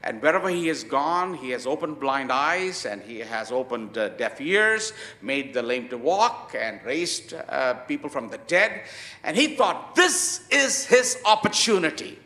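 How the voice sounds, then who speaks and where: A man preaching a sermon in an emphatic way, with many pauses and fillers. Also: mid-range voice, animated, sharp tone, reverberant. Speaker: pastor.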